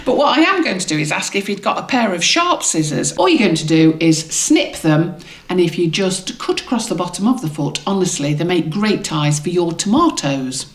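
A woman's voice: lowish voice, lively intonation, moderate pace. A woman co-hosting a gardening podcast, chatting and teasing with frequent laughs. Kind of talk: casual chat. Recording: roomy echo.

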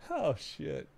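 Laughing male podcast host over crowd chatter. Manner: laughs often, wraps up the show. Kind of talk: casual chat.

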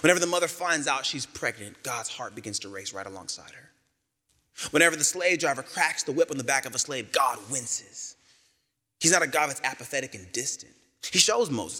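A male pastor preaching a sermon in a casual, joking storytelling manner, slipping into quick quoted voices. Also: mid-range voice, expressive, sharp tone, big-room sound.

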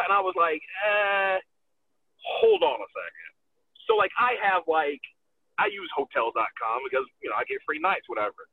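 Animated gravelly man on a phone line. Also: high-pitched, normal speed, a little hiss or hum. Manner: animated, profane, laughs often, acts out quotes. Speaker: wrestler guest. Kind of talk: casual storytelling. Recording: tinny phone-line sound.

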